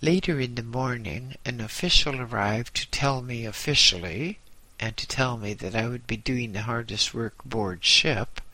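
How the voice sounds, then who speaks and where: A man giving scripted first-person narration in a measured, deliberate way. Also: medium pitch, sharp tone, no room sound.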